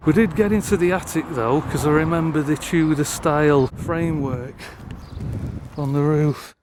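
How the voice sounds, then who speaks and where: A man's voice: on the high side, normal speed, background noise. A man talking to his handheld camera while exploring a derelict building, out of breath and muttering wry asides to himself. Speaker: urban explorer vlogger. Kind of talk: casual running commentary while exploring. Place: derelict building with cellar and broken glass. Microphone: handheld camera mic while holding a torch.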